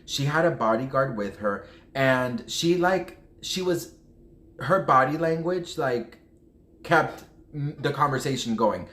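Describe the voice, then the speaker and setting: A man's voice: mid-range voice, expressive, slow pace, fairly bright tone. A man telling a personal story to camera in a casual vlog, rambling and heartfelt, often restarting his sentences. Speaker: vlogger. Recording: echoey room.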